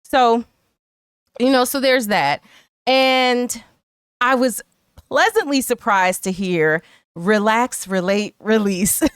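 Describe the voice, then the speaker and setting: A woman's voice: a little high, slow, long pauses, clean tone, no echo, studio quality. A middle-aged woman co-hosting a podcast, chatting casually and thinking aloud with lots of "you know.". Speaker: podcast co-host. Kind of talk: casual chat.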